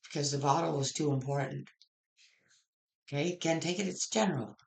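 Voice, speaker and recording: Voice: medium pitch, a little fast, creaky. A tarot reader giving a casual general reading, frank and blunt, swearing freely and rambling through restarts.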